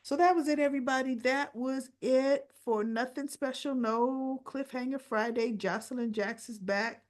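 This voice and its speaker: A woman's voice: high voice, fairly even intonation, moderate pace. A woman hosting a casual soap opera recap, retelling scenes in a loose, chatty way with blunt, opinionated asides.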